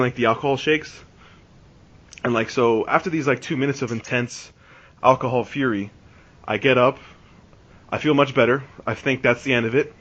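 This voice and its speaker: Casual storytelling from a male podcast host in his twenties: his medium voice is a bit bright as he rambles through a long tale, restarting often and saying "like" over and over. The recording is lo-fi and dull.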